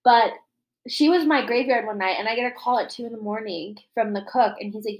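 A woman in her twenties telling customer-service stories in a casual podcast chat, animated and full of profanity, acting out the people she quotes. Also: mid-range voice, fast, low-quality recording. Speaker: podcast co-host.

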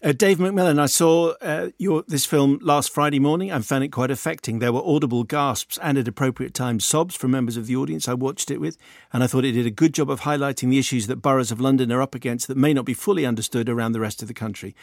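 Fast-talking gravelly British man. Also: mid-range voice, no echo, clean studio sound. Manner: brisk, reads listener emails aloud, then chats. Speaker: film show co-host reading listener emails. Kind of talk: casual radio chat, reading letters aloud.

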